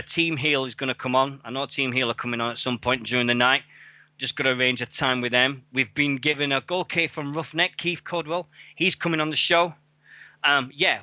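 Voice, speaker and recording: Man, excitable radio co-host, casual swearing, bright voice, dry close sound. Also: mid-range voice, dry recording. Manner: excitable, swears freely, laughs a lot. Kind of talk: casual internet radio chat.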